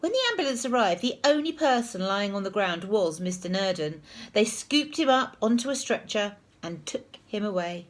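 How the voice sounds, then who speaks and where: A woman reading a picture book aloud to children, expressive and sometimes dropping to a hush. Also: mid-range voice, normal speed, few pauses. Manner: expressive, hushed in places.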